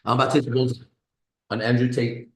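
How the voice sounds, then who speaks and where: A man's voice: mid-range voice, little pitch movement, fast. A man hosting a live stream in casual chat, boastful and swearing with slangy talk, in a kitchen. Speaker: host. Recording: echoey room.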